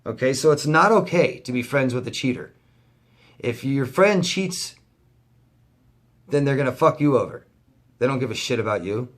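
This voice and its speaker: Blunt, heated man ranting on camera. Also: medium pitch. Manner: blunt, heavy swearing, heated and repetitive. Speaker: life coach. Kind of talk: direct-to-camera vlog rant.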